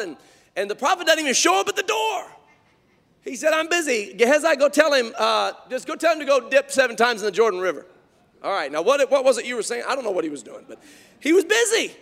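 High-voiced man preaching, long church reverb. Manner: storytelling, exclaims hallelujah, builds to shouting. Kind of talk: sermon.

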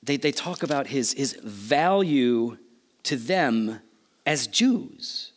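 A man preaching a sermon, telling a story with animated, changing delivery and acted-out quotes. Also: medium pitch, takes it slowly. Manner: animated storytelling, voices quotes, sudden loud and soft swings.

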